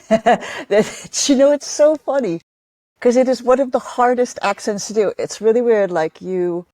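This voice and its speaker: A woman's voice: a little high, unhurried, warm tone. Chatty, laughing middle-aged English woman. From England. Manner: chatty, laughs often, self-deprecating. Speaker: guest, comedy writer. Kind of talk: casual podcast interview.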